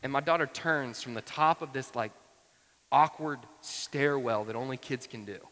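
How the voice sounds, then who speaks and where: Pastor in his 30s, bright forceful tone, chatty storytelling sermon, big hall reverb. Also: mid-range voice, normal speed. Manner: conversational storytelling, frequent asides. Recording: long reverb from a large hall.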